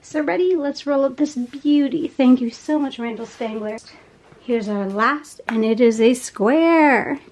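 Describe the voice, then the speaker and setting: A woman chatting casually as she unboxes craft kits, gushing with soft laughs. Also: high-pitched, unhurried, a little hiss or hum, poor audio. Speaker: unboxing vlogger.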